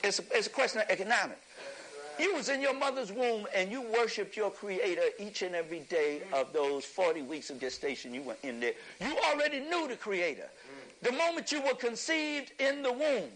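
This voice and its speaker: A man giving an impassioned lecture to an audience, preacherly and emphatic, rising at times to a shout and chuckling through his points. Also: extremely high pitch, gravelly, low-quality recording.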